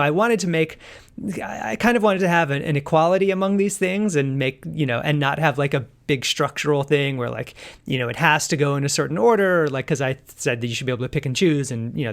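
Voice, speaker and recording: Hesitant man, slightly high voice. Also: quick pace. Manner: rambling, hesitant, many fillers and restarts. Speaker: composer discussing his piano work. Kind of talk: casual podcast conversation.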